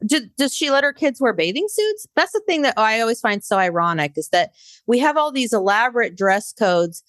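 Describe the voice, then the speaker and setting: A woman's voice: on the high side, sing-song, fairly quick, fairly bright tone, dry recording, clean studio sound. A middle-aged woman co-hosting a podcast, speaking in a frank, emphatic, exasperated way. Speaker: podcast co-host. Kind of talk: casual podcast chat.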